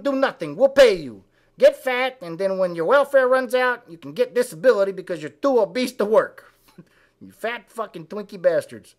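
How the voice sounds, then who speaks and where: A man voicing a foul-mouthed, indignant male frog who delivers a comic political rant with profane, shouted tirades. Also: sits high. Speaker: web comedy ranter.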